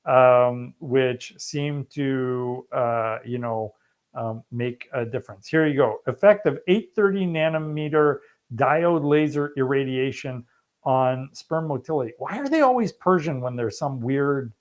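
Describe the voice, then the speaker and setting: A man's voice: mid-range voice, unhurried. A man who is a fertility specialist, answering viewer questions in a casual, joking live stream and reading study titles aloud.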